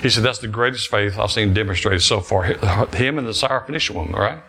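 A man's voice: lowish voice, fairly quick, creaky, noisy background. A middle-aged man preaching a fervent sermon, repeating phrases and restarting as he declares healing. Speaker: pastor.

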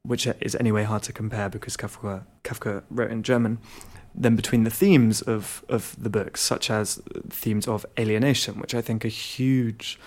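A young man with a fairly low voice talks casually about books he has read. He rambles and corrects himself as he goes, thinking aloud in an unscripted monologue. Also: little pitch movement, moderate pace, a little mellow. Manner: rambling, self-correcting, thoughtful. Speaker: podcast host. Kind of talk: casual book review monologue.

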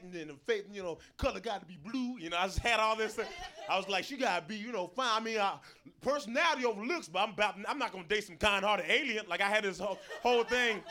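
Young guy doing standup, high voice, bright and punchy, keeps checking in with the crowd. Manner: animated, self-mocking storytelling with many asides to the crowd. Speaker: stand-up comedian. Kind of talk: stand-up comedy set.

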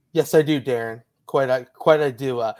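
A man hosting a relaxed sports podcast, his mid-pitched voice wandering through restarts and fillers. He sounds chatty and unpolished. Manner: rambling, many restarts and fillers. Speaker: podcast host. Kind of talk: casual sports podcast chat.

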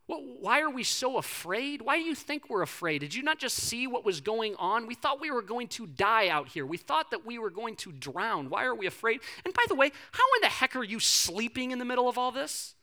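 A man's voice: very high-pitched, very animated, a little fast, few pauses, voice pushed up, exaggerated voice. A man voicing panicking fishermen who indignantly protest that they nearly drowned. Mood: exasperated. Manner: exasperated and shouting in disbelief.

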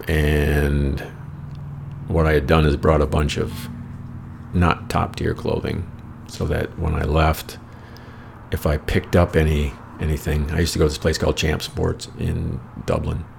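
An American man with an extremely gravelly, rough voice, pitched very low, spinning loose and rambling stories. He talks casually and wryly, swearing freely as he goes, with a faint hum of background noise. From United States. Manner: rambling, profane, wry. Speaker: storyteller host. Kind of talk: casual anecdotal storytelling.

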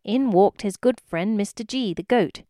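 Expressive woman reading a children's story. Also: medium pitch, normal speed, no echo, clean studio sound. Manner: expressive, addressing the listener.

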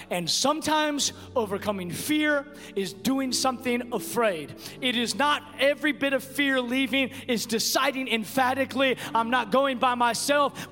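A man's voice: extremely high pitch, bright, forceful tone. A man preaching a fervent sermon to a congregation in a church, building through repeated declarations. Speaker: pastor. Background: music.

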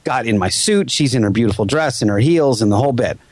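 A man's voice: mid-range voice, fast talker, dry recording. A man in his forties hosting a podcast, telling a story in casual chat and acting out the voices of people in it. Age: 40s. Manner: animated, acts out quoted voices. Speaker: podcast host.

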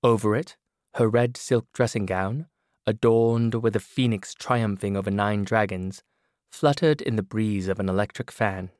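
Calm male audiobook narrator, dry booth. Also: on the low side, unhurried, dry recording. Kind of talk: scripted narration.

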